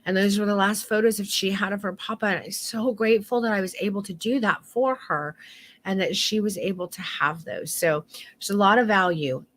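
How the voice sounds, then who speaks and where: A woman's voice: medium pitch, a little fast, fairly bright tone. A middle-aged woman photography instructor teaching an online course in a heartfelt, candid way, swearing now and then.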